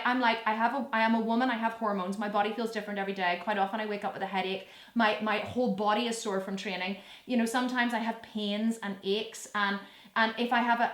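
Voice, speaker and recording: With a slightly high voice and a reverberant sound, a woman in her thirties, a fitness vlogger, talks casually to the camera while answering viewers' questions. She's blunt and sassy, swears a lot, and mimics people in playful voices.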